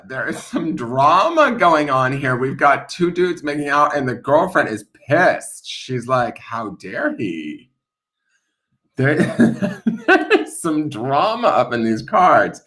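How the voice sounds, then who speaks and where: Animated man joking through a tarot unboxing. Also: mid-range voice. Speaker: tarot reader and channel host. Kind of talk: casual deck unboxing livestream chat.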